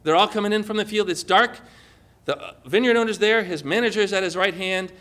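A man preaching a sermon with an animated delivery, full of rhetorical questions and dramatic emphasis. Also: high-pitched, brisk.

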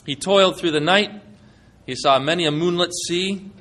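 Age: adult. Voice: a folksy, conversational male preacher, slightly high-pitched. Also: normal speed, fairly bright tone. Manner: conversational, folksy plain talk. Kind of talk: sermon.

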